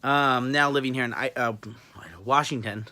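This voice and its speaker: A man's voice: medium pitch, fairly even intonation, normal speed, pushed and bright. An English-born man with a New York-tinged American accent, chatting casually as a vlogger, rambling with lots of fillers and cheerful swearing. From England. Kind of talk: casual chat.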